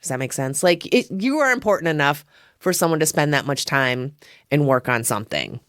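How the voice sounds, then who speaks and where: A woman's voice: sits low, a little fast, no echo, studio quality. Giggly, foul-mouthed woman podcast host. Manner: profane, giggly, animated storytelling. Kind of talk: casual film review podcast.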